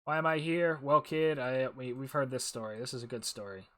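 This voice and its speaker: A man's voice: medium pitch, steady tone, fairly quick, fairly bright tone, close to an everyday voice. A man voicing a shifty, dismissive male prisoner, reading game dialogue aloud.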